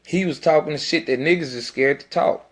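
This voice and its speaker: A man's voice: fairly high pitch, brisk. A man, an independent rapper, talking in a casual self-recorded monologue that is intense, rambling and full of profanity.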